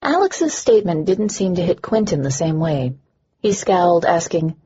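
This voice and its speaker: A woman reads a first-person audiobook in a dry, wry way, her voice very husky and breathy. Her pitch sits low but moves in lively swings. The recording is dull and lo-fi. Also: moderate pace. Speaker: audiobook narrator.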